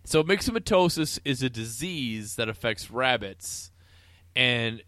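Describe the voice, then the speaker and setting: A man's voice: medium pitch, animated, unhurried, bright, forceful tone, no echo, studio quality. A man co-hosting a casual movie podcast, telling stories and rambling with fillers. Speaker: podcast co-host. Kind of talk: casual chat about a movie.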